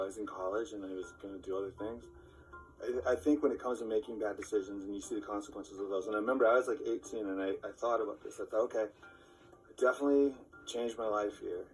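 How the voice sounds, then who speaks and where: A man's voice: on the low side, a little mellow, recorded from a distance, poor audio. A man telling an earnest personal story about becoming a father young. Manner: earnest, reflective, with fillers.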